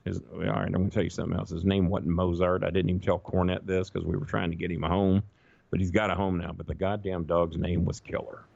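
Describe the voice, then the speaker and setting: A man's voice: low-pitched, flat delivery, quick pace, creaky, darkish tone, no room sound. A middle-aged man, rambling through profane anecdotes on a podcast and acting out what other people said. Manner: profane, rambling anecdotes, acts out quoted voices. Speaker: podcast guest. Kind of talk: casual storytelling chat. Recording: dull lo-fi dry sound.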